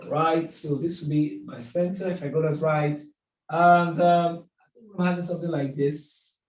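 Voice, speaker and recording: Here a math tutor teaches at a whiteboard in a fairly high voice, keeping his intonation mostly even and his pace moderate. He proceeds step by step, asking himself rhetorical questions, and the recording has an echo.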